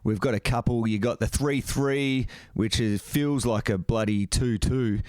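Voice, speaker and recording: A man's voice: medium pitch, a little slow, darkish tone, no room sound. A man with an Australian accent, a podcast co-host, bantering cheekily through an ad read. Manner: cheeky, laid-back banter. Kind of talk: casual ad chat.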